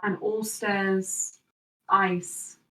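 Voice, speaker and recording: Slow, measured woman game master. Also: mid-range voice, little pitch movement, a bit bright, roomy sound, distant mic, rough recording. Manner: slow, measured second-person narration. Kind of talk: narrating a tabletop game.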